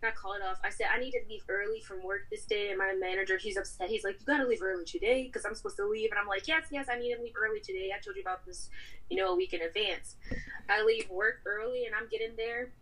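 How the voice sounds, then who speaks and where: A woman's voice: medium pitch, quick pace, low-quality recording. A woman guest on a podcast, telling a personal story in casual talk and acting out the people she quotes. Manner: animated, acts out quoted voices.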